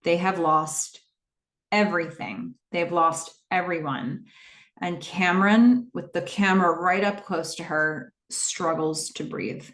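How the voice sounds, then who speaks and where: Woman podcast host, casual recap, chatty and animated; lowish voice, echoey room. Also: takes it slowly. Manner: chatty, animated, many fillers.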